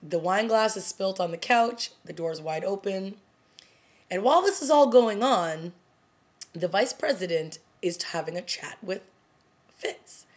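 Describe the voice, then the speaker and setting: A woman talks through a TV episode for her vlog in a casual, animated way. She laughs often and slips in dramatic asides. Her voice sits in a middling pitch for a woman. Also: a little slow. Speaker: TV review vlogger. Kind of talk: casual recap chat.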